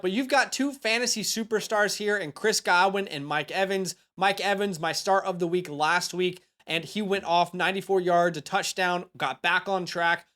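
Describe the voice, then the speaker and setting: A young man hosting a fantasy football show, giving energetic, emphatic start-and-sit advice in a casual monologue. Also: high voice. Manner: hyped, emphatic, speeds up and slows down.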